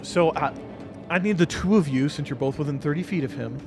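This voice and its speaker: A man's voice: fairly high pitch, fairly quick, gravelly, over music. Laughing game master, man. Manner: casual, laughing, acts out enemy screams. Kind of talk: narrating a tabletop game.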